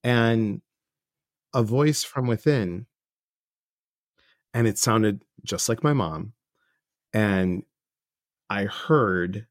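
A man's voice: fairly low pitch, very slow, pauses often, no room sound, studio quality. A middle-aged man hosting a podcast interview, telling stories earnestly and acting out what others said. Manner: earnest, animated storyteller who acts out others' lines. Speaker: podcast host and life coach. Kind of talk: casual interview chat.

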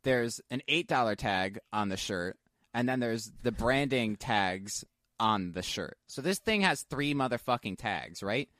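A man co-hosting a casual podcast, telling a profane, animated story and bursting into high laughs. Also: a little slow, dry recording, clean studio sound. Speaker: podcast co-host. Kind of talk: casual chat, storytelling rant.

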